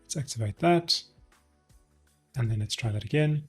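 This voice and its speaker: A man's voice: mid-range voice, expressive, moderate pace, breathy edge, soft background music. A man live-streaming a coding session, explaining his steps casually as he thinks aloud with frequent ums and self-corrections.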